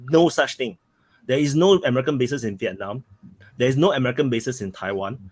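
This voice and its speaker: A man's voice: medium pitch, fairly quick. A man from Singapore insistently explaining his point in a live video-call debate. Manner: insistent, repeats himself to hold the floor. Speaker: caller.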